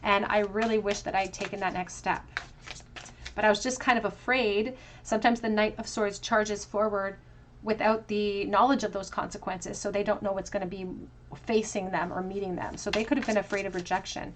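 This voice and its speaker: A woman's voice: medium pitch, little pitch movement, fairly quick, a little hiss or hum. Woman musing through a tarot reading. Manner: musing, talks through card meanings with soft fillers. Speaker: tarot reader. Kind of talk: tarot pick-a-card reading.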